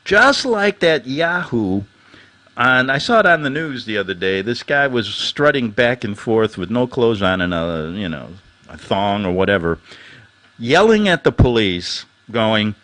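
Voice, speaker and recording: Animated ranting man host. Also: medium pitch. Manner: animated, sarcastic, quick swings between shouting and muttering. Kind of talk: ranting talk show monologue.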